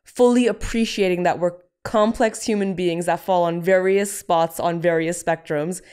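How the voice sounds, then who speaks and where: A woman speaking candidly and casually as a podcast guest, with lively, playful asides. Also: fairly low pitch, normal speed, clear, resonant tone. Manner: candid, lively, breaks into playful sound effects. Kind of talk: casual interview talk.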